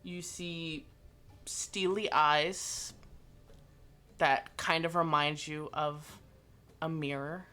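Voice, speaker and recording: Woman game master, low-pitched, slow descriptive narration for a tabletop game. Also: steady tone, pushed and bright.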